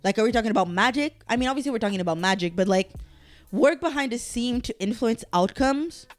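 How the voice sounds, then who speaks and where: A woman's voice: on the high side, expressive, quick pace, soft background music. A woman hosting a casual solo podcast, talking animatedly and swearing as she reacts to quiz results. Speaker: podcast host.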